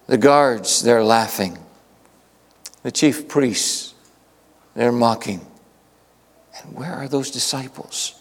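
A man preaching a sermon in a church, telling the story dramatically, his voice rising to urgent questions and sinking to hushed lines. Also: medium pitch, slow, long pauses. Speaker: pastor. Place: church sanctuary. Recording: long reverb from a large hall.

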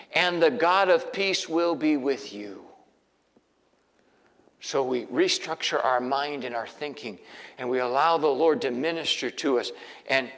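A man preaches a Sunday sermon in a church. His voice sits a little higher than most men's and rings out in a long, echoing hall reverb. He shifts from soft, hushed, almost whispered prayer to loud, emphatic exhortation. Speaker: pastor. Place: church sanctuary.

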